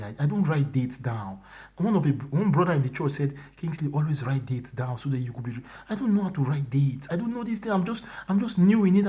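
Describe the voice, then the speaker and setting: A man tells his testimony in a mellow, warm voice. He pushes some phrases out loud, drops others to a breathy whisper and circles back over his own words. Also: a little high. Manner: emotional, swinging from loud emphasis to hushed whispers; repetitive, restarting phrases. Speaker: church brother giving testimony. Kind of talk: personal testimony.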